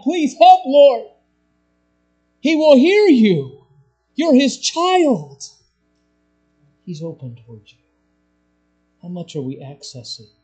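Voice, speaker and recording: A man preaching a sermon, moving between soft, low explanation and loud, raised-pitch pleading. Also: low-quality recording. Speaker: pastor. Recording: mains hum behind voice.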